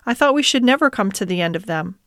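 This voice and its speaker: A woman reading a classic novel aloud as scripted narration, in a gentle, even storytelling manner with lightly voiced dialogue. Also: mid-range voice, fast, no echo, studio quality. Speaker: audiobook reader.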